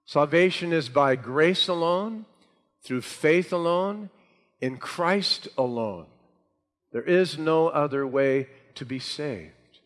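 A man's voice: on the high side, lively intonation, takes it slowly. A man preaching a sermon to a congregation, with emphatic, rising delivery. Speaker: pastor. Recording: hall reverb.

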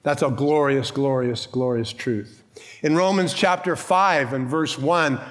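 A man's voice: mid-range voice, a little slow. A man who is a pastor, preaching a sermon in a church with an emphatic, conversational style, rhetorical questions and bits of humor.

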